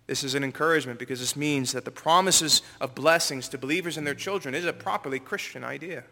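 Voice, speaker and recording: A man's voice: on the high side, fairly quick, bright, forceful tone. A man preaching a sermon as pastor, earnest and building emphasis on key phrases. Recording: long hall reverb.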